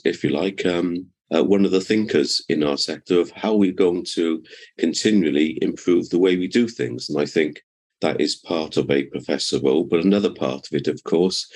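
Older man, very low voice, measured expert guest. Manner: measured, explanatory. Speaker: professor and building surveyor. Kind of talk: interview answers.

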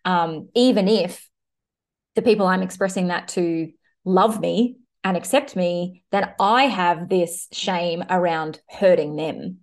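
A woman's voice: on the low side, slow. A woman hosting a podcast interview, asking reflective, probing questions and laughing often. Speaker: podcast host. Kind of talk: conversational interview.

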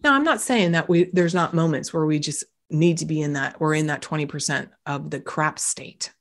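Low-voiced woman coaching listeners bluntly. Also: moderate pace. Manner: direct, coaching, asks the listener questions; casual and blunt, uses mild swearing. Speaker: podcast host. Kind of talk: motivational self-help talk.

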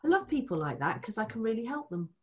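A woman talking as a money coach in a casual chat, animated, acting out people's voices and swearing casually. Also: on the high side, fast talker.

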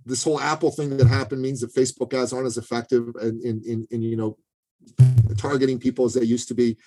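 A man's voice: medium pitch, level tone, quick pace, warm tone, soft background music, rough recording. A man speaking as a guest in a podcast interview, coaching listeners on sales in an emphatic, pushy way with many asides and restarts.

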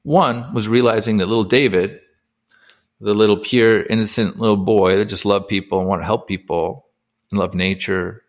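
A man's voice: fairly low pitch, fairly even intonation, moderate pace. A man in his forties, a former athlete turned coach, telling his personal story as an interview guest, candid and emotional, with many fillers.

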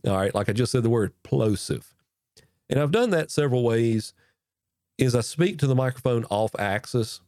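An animated podcast host talks at normal speed about how to use a microphone, demonstrating on a foam-covered boom-arm mic close to his face. He's folksy and casual, often repeating himself and starting over. His tone is darkish, and the studio-quality audio has no echo.

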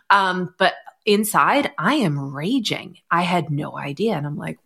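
Chatty woman host, candid and animated. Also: fairly low pitch, measured pace, creaky, few pauses, breathy edge. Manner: candid, animated storytelling, acts out quotes. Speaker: podcast host. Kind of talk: casual conversational interview.

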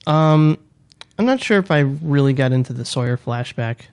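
A man's voice: mid-range voice, animated, moderate pace, a little mellow, smooth. A man co-hosting a podcast, chatting casually with an enthusiastic, jokey, slightly rambling manner. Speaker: podcast co-host. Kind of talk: casual chat.

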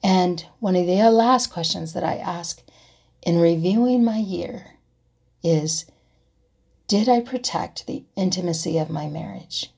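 Soft-spoken, husky woman musing aloud. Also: fairly low pitch, unhurried. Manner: asks herself rhetorical questions, drops to soft whispers. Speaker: vlogger. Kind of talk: reflective personal talk.

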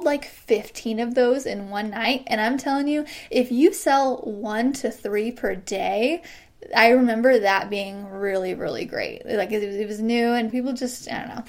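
A woman in her thirties hosting a casual solo podcast, bubbly and quick to laugh. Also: a little high. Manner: bubbly, laughs often, acts out quoted excited voices. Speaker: podcast host.

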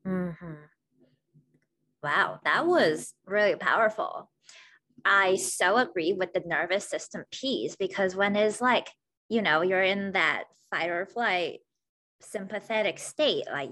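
A woman's voice: fairly low pitch, animated, slow, pushed and bright. A woman hosting a casual podcast conversation, affirming her guest and talking easily with "um" and "you know".

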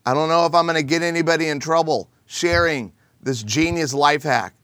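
Middle-aged male host, comedic monologue, animated, slightly high voice. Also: a little fast, dry recording, studio quality. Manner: animated, jokey, acts out quoted people.

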